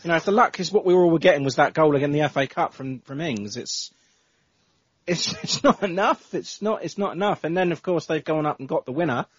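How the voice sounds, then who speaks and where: A man's voice: fairly high pitch, a little fast, husky. A man co-hosting a casual football podcast, ranting in exasperation and swearing often. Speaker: podcast co-host. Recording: dull lo-fi podcast audio.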